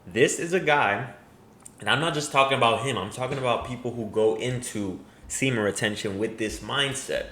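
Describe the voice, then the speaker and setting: A man's voice: medium pitch, normal speed, bright, forceful tone. A man giving crude, mocking reaction commentary, emphatic and profane. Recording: echoey room.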